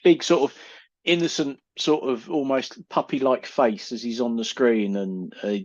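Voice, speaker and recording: A middle-aged man joins a group video call, spinning animated stories and poking fun at people. His voice sits at an ordinary pitch. The call audio is slightly muffled and lo-fi. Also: a little slow. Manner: ranting, mocking, animated storytelling. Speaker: panelist on an online chat show. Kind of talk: casual group banter.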